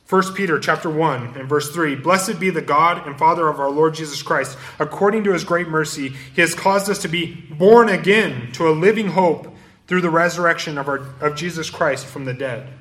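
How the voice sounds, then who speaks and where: A man's voice: on the high side, normal speed, a bit bright. A man preaching an expository sermon, quoting verses and explaining them. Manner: expository preaching, quotes and rereads scripture. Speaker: pastor.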